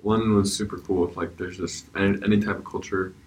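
Brief: male student, low voice, measured and thoughtful. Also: flat delivery, rough recording. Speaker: student traveler. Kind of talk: casual interview reflection.

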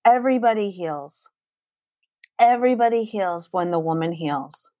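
A woman's voice: medium pitch, animated, moderate pace, dark tone, no room sound, clean studio sound. A woman in her forties, a guest on an interview, speaking earnestly and emphatically about parenting and love, often acting out her own past conversations. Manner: earnest and emphatic, quoting herself in dialogue.

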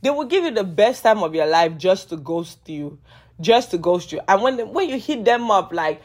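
A woman's voice: medium pitch, expressive, moderate pace. A woman in her twenties talking casually to the camera, emphatic and frank, repeating lines for effect and swearing freely. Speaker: vlogger.

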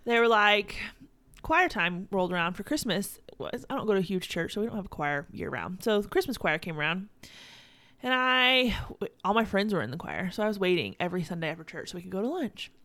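A woman, co-hosting a podcast in casual chat, loud and quick to laugh. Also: medium pitch. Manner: loud, laughs often, animated storytelling. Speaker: podcast co-host.

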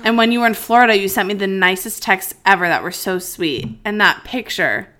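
Young woman, giggly, self-mocking, bright tone, casual chat. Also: mid-range voice, a little fast. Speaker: co-host reading old messages.

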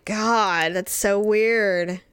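A woman in casual chat with her sister, opinionated and quick to laugh. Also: medium pitch, smooth, no echo. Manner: animated, opinionated, laughs often. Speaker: sister of the other speaker.

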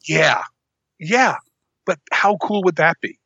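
A man co-hosting a podcast in casual chat, talking in a rambling, animated way and often breaking off and restarting. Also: fairly high pitch, slow, creaky, husky, dry recording, dull audio. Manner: rambling, animated, self-interrupting. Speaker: podcast co-host.

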